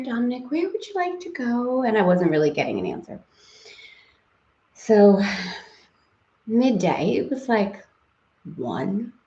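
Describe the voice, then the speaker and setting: A woman's voice: mid-range voice, darkish tone. Effusive woman in her forties on a live stream. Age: 40s. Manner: effusive, greets viewers by name, laughs often. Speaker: host of a live spiritual study stream. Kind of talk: chatty live-stream storytelling. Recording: roomy, slightly dull live-stream sound.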